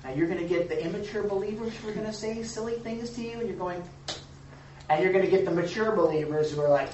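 A man pastor delivers a lively, conversational sermon. He is heard from a distance in an echoey room with faint ambience behind him. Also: high-pitched, fast talker, lo-fi sound, a little hiss or hum. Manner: animated, acts out quoted voices, chuckles. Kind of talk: sermon with congregation. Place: church or meeting room.

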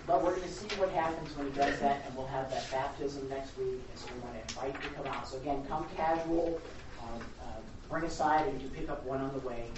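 A woman pastor preaching a sermon in a rambling, chatty way, with sudden loud emphasis. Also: rumbling low, fairly even intonation, fast, noisy background. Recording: echoey hall, distant dull mic.

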